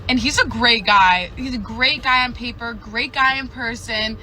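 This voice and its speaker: A woman speaking in a casual vlog confession, halting and frustrated as she searches for words. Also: on the high side, low-quality recording.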